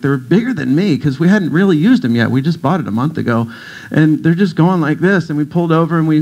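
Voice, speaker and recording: A middle-aged man with a voice on the high side entertains a church crowd in a congregation hall, speaking as a guest breathwork teacher. He's playful and jokey, telling stories and doing voices, captured on a rough recording.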